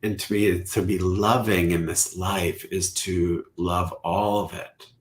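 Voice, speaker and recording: A middle-aged man, a Zen teacher, speaking softly and contemplatively as a podcast guest, sometimes dropping to a whisper. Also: deep voice, little pitch movement. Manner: slow, soft-spoken and contemplative, drifting into whispers. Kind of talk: reflective podcast conversation.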